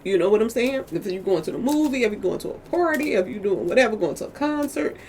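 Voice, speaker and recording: A woman with a slightly squeaky voice in a casual commentary monologue, candid and colloquial, who laughs often and keeps asking her viewers "okay, y'all?". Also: lively intonation, quick pace, darkish tone, a little hiss or hum. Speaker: commentary vlogger.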